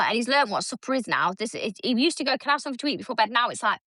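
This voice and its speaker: A woman's voice: fairly high pitch, fast, no room sound, clean studio sound. A woman co-hosting a podcast, telling stories in casual chat and acting out her son's lines. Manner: animated storytelling, acts out her son's lines. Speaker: podcast co-host.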